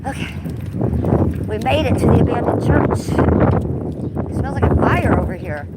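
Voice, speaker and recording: Cleveland lady streaming from her chest-harness phone, bit out of breath, chatty, reading chat out loud. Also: on the high side, expressive, normal speed, heavy background noise. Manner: chatty, reads chat comments aloud. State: a little out of breath from biking. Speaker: livestream host. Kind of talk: casual live-stream chat. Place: outdoors by an old church.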